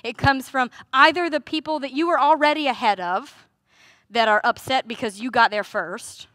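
A woman's voice: high-pitched, normal speed, fairly bright tone, no echo, studio quality. A woman preaching a sermon in a conversational way, with rhetorical questions and playful asides.

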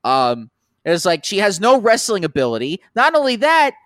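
Man, high voice, dry close sound, profane ranting, podcast banter. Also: huge pitch swings, moderate pace, fairly bright tone, dry recording. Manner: ranting, profane, mimics people in quotes. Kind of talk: casual profane chat.

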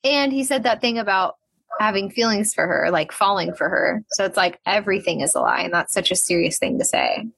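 A woman's voice: medium pitch, fairly quick, vocal fry, a bit bright, breathy edge, no room sound. A young woman co-hosting a podcast, chatting casually and animatedly about a reality show, laughing often and saying "like" a lot. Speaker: podcast co-host.

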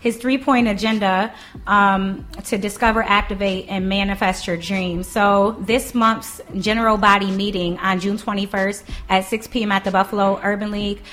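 Woman co-host, jokey and animated, mid-pitched, talks easily. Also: normal speed. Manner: joking, animated. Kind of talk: casual podcast chat.

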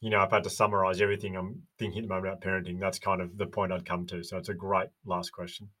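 Australian man, earnest, low-pitched, casual chat, tells stories with quoted dialogue. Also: flat delivery, very fast, a bit bright. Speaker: podcast guest.

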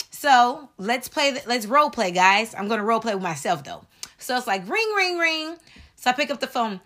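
A woman hosting a podcast, telling a personal story in an animated, dramatic way and speaking straight to her listeners. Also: fairly high pitch. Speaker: podcast host.

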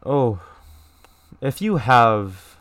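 A man's voice: mid-range voice, sing-song, drawn-out words, a bit bright. Blunt, swearing young American man. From United States. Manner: blunt and profane, with many restarts and mocking voices. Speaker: podcast host. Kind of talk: casual solo commentary reading news.

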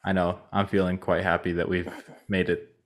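A man co-hosting a podcast in a relaxed, easygoing casual chat. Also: low voice, moderate pace. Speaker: podcast co-host.

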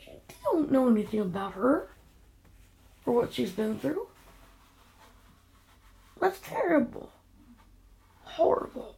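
Angry gravelly older woman ranting. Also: fairly high pitch, sing-song, takes it slowly, pauses often. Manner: angry, scolding, emotional. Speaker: grandmother vlogger. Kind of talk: angry direct-to-camera rant. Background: quiet house at night.

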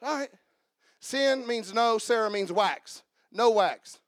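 In a dry recording, a male pastor with a high-pitched voice preaches slowly, telling stories and repeating phrases for emphasis. His sermon swings from quiet asides to fervent shouting.

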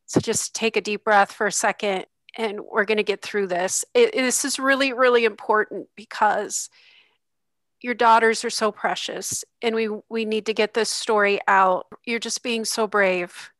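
Gentle, reassuring woman interviewer, dry sound. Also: mid-range voice, steady tone, a little slow, no echo, rough recording. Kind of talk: supportive interview.

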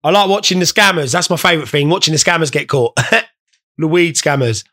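A man's voice: a little high, expressive, a little fast, pushed and bright. A young man hosting a casual podcast, rambling, swearing and joking while stoned. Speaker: podcast host.

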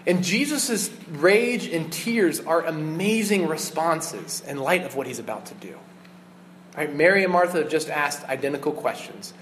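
A man's voice: on the high side, lively intonation, moderate pace, fairly bright tone, a little hiss or hum, low-quality recording. A man in his thirties preaching a sermon in an earnest, conversational way, with frequent fillers. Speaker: pastor.

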